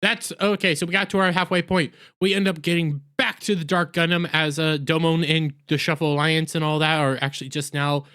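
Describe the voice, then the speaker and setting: A man's voice: on the high side, little pitch movement, fairly quick, few pauses, bright, forceful tone, clean tone. A man casually recapping an anime episode, rambling with lots of fillers and correcting himself mid-sentence. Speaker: anime reviewer.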